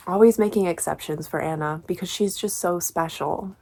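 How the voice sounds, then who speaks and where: A woman's voice: fairly low pitch, normal speed, creaky, hardly any pauses, mellow, slight background noise. A woman in her twenties talking casually through a book review, chatty and exasperated, with lots of filler words.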